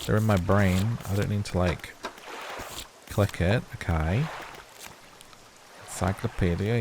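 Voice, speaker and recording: A gaming channel host with a voice that sits low plays and comments casually, talking to viewers and letting out sudden startled outbursts. Loud game sounds and other noise fill the background.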